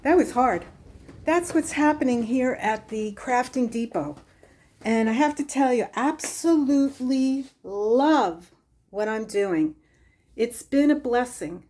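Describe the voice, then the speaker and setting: A woman's voice: on the high side, slow pace, darkish tone. Breathless retired woman touring her craft room. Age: older. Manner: chatty, meandering, with many ums. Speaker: craft vlogger. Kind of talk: casual room tour. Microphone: phone held in hand.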